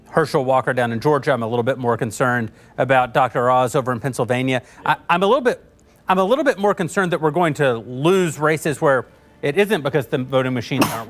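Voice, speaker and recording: A man's voice: mid-range voice, fairly bright tone. A man giving earnest commentary as a panel guest, restarting and qualifying as he goes.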